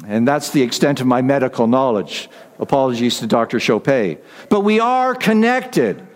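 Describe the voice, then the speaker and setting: A man preaching a sermon as pastor, with deliberate repetition, slowed emphasis on key phrases and self-deprecating asides. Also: medium pitch, sing-song, big-room sound.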